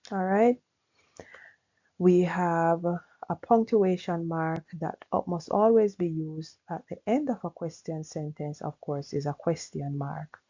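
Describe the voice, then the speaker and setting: A woman English teacher giving an unhurried grammar lesson, explaining step by step and often checking in with "all right". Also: lowish voice, gravelly, mellow, highs cut off.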